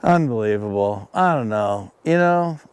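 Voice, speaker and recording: A man's voice: fairly low pitch, measured pace, smooth, no room sound. A middle-aged man hosting a podcast, telling a story casually and getting worked up and exclaiming as he goes. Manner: animated, gets worked up and exclaims. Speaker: podcast host.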